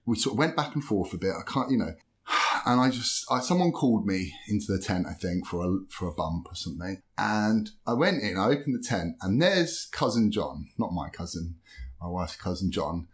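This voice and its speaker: A man telling a story in casual podcast chat, animated and swearing, acting out what people said. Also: low voice, moderate pace. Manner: animated, swearing, acts out quoted voices. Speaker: podcast guest.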